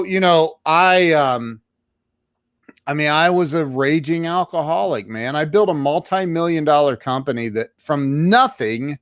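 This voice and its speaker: A man's voice: mid-range voice, clear, resonant tone, no room sound, studio quality. Man telling his story, emphatic restarts. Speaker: interview guest. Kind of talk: casual storytelling.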